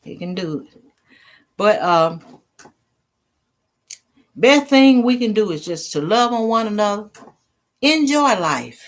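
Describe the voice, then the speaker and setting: A woman's voice: medium pitch, expressive, takes it slowly, long pauses. Woman, middle-aged, casual livestream host, chatty, reads comments aloud. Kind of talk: casual live chat with viewers.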